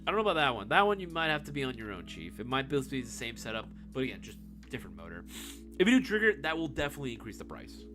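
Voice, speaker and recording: A man's voice: medium pitch, very animated, fast, music in the background. A young man hosting a casual live-stream Q&A, swearing freely and laughing often. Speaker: live stream host answering viewer questions.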